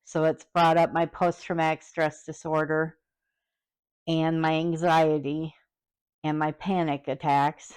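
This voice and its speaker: Woman, low voice, very slow, halting, vulnerable, candid vlog. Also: little pitch movement, a little mellow, smooth. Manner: halting and hesitant, many pauses; openly vulnerable, close to tears. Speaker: vlogger.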